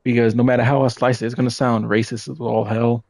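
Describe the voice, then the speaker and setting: A man's voice: medium pitch, flat delivery, fast, gravelly, darkish tone, no room sound. A man with a New York accent giving casual gameplay commentary, rambling and correcting himself with a lot of swearing. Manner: rambling, self-correcting, profane. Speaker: gaming streamer.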